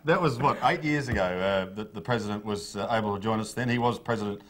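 A man's voice: fairly low pitch, quick pace, fairly bright tone. A man hosting a playful, light-hearted TV interview. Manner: playful, laughs along. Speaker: TV host.

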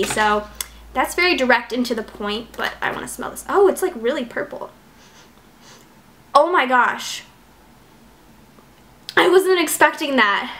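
A young woman vlogging at home, gushing excitedly as she unboxes products and chats casually. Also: sits high. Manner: gushing, excitable, lots of "like" and "oh my gosh". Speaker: beauty vlogger.

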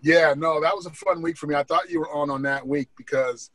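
Animated man telling funny stories. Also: fairly high pitch, fairly quick, no room sound, low-quality recording. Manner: lively, laughing, acts out voices. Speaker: comedian guest. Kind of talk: animated storytelling.

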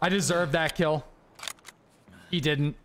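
A man's voice: on the high side, steady tone, slow pace, fairly bright tone, a little hiss or hum. A young man, streaming a shooter game with joking, swearing running commentary. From Canada. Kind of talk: casual gameplay commentary.

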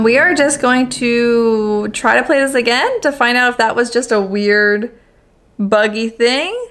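A young woman playing a horror game on her channel, excitable and swearing, repeating herself in panic. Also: fairly high pitch, a little hiss or hum. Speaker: gaming YouTuber. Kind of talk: horror game let's play commentary.

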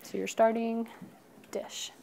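A woman's voice: on the high side, little pitch movement, gravelly, background noise. Upbeat first grade teacher, woman. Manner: upbeat, encouraging, drawn-out modeling of sounds. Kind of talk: classroom phonics lesson. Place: elementary classroom.

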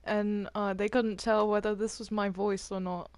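A woman's voice: medium pitch, level tone, normal speed, dry recording. A woman from the American South in casual gaming chat, stammering and laughing often. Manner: stammering, giggly. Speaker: roleplay podcast member.

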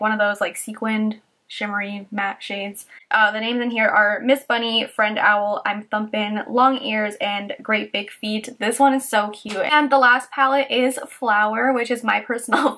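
A young woman with a slightly high voice, talking casually and quickly in a makeup review vlog. Her talk is full of "like" and "um," and she turns soft and tender when speaking of her mother. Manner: chatty, with many "like" and "um" fillers. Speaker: beauty YouTuber.

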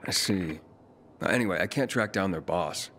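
An actor playing a calm, terse man on a mission. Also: low voice, moderate pace, background noise.

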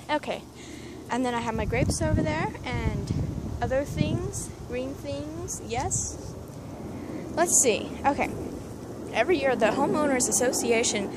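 High-voiced deadpan woman vlogging outdoors. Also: noisy background. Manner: deadpan, sarcastic asides. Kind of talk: casual comedic garden tour. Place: outdoors in a backyard garden. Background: neighbor's dog barking.

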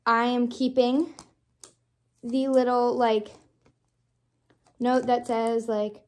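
A young woman unboxing a doll for her vlog, gushing and squealing with excitement and repeating exclamations. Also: a little high, takes it slowly. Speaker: doll collector vlogger.

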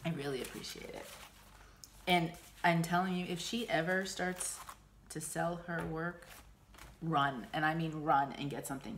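A middle-aged woman from the United States talks casually in a slightly low voice. She gushes, gets emotional and trails off into restarts as she shows off her craft supplies. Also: steady tone, moderate pace, a little hiss or hum. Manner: chatty, gushing, emotional. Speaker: cross-stitch vlogger. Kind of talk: casual chat.

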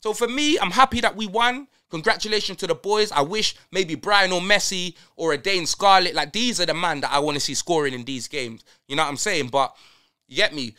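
Young London guy, fan vlogger, high and bright, animated slang-filled rant. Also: a little fast, clean tone. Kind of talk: casual fan reaction rant.

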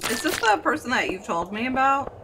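A woman streaming and chatting casually, prone to loud shrieks and acting out voices when she tells a story. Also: fairly high pitch, fairly quick, background noise. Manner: animated, loud outbursts and shrieking reactions; acts out voices when retelling stories. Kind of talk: casual chat on a game stream. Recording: music playing behind.

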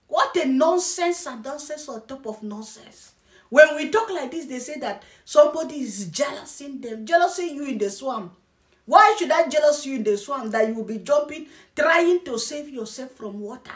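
Scornful woman with a high voice. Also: animated, normal speed. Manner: scornful, scolding, repeats herself for emphasis. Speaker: vlogger. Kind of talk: mocking reaction commentary. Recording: roomy echo.

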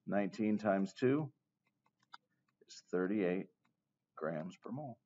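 A man's voice: low-pitched, animated, slow pace, mellow. A man teaching chemistry in a casual, joking lecture style, often checking in with his class. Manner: casual, jokey asides, keeps checking with "okay?". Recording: dull lo-fi recording.

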